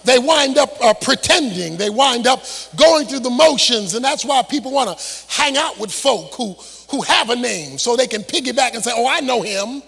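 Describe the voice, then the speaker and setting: A middle-aged male pastor preaching a sermon with an impassioned, shouting, half-sung cadence. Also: very high-pitched, lively intonation, normal speed, vocal fry, hardly any pauses, slightly rough. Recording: long hall reverb, faint music.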